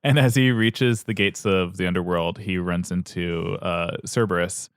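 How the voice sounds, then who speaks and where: A man's voice: low-pitched, steady tone, a little slow, clear, resonant tone, dry recording, studio quality. A young man co-hosting a podcast, retelling a myth in a playful, joking way and laughing often. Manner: playful, laughs often, slips into goofy character voices. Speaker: podcast co-host.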